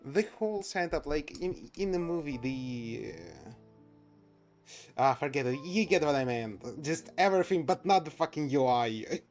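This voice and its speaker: A man from Russia with a Russian accent, casually chatting while streaming a game, halting and searching for words, swearing and laughing, with music underneath. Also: fairly high pitch, animated, a little mellow. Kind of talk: casual live game commentary.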